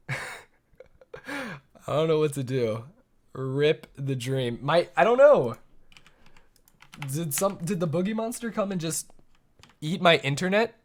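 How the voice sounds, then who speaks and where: A man's voice: fairly high pitch, measured pace, pauses often. A young man streaming a building game live, talking to himself in a rambling, playful way with little boop noises. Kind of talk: live gameplay commentary.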